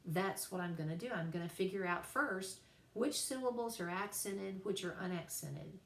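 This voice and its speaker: A woman writing teacher giving a recorded class lecture, chatty and playful, slowing down to spell out examples. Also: lowish voice, roomy sound, far from the mic.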